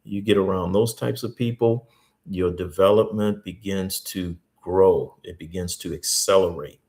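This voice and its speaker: A host giving a teaching talk, repeating key points slowly and earnestly, with stories from church life. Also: male voice, low voice, fairly even intonation, darkish tone.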